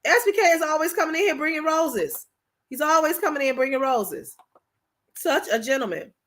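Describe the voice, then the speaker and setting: Her voice high-pitched and fairly bright, with lively intonation at a moderate pace, a woman gives a relaxed motivational talk on her livestream. She addresses viewers conversationally, repeating herself emphatically to land her points and frequently asking "you understand what I'm saying?"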